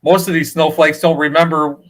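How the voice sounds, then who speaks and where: An excitable man with a high voice chats on a podcast. He tells his stories with animated energy. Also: fairly quick, a crowd in the background. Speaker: podcast co-host. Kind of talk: casual chat.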